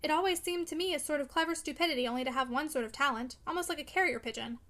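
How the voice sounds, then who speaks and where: A woman's voice: high-pitched, rapid-fire, sharp tone. A woman voicing an earnest, tender young woman who speaks musingly in a storybook reading. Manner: musing, tremulous.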